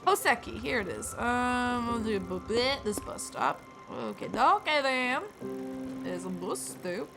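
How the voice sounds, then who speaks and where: A woman streaming a video game live, chatting casually, getting easily distracted and slipping into high baby talk with her cat. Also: lively intonation, unhurried. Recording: with game music behind.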